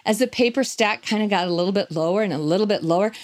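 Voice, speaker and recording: A woman preaching a sermon through a personal story, told in an animated way with frequent laughs. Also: mid-range voice, fast talker.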